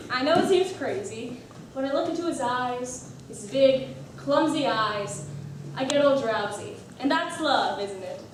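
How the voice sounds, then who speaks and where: A woman's voice: high-pitched, animated, unhurried, a little hiss or hum. A woman playing a worldly, sardonic, drowsy chaperone in a stage musical. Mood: languid. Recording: echoey stage from far off.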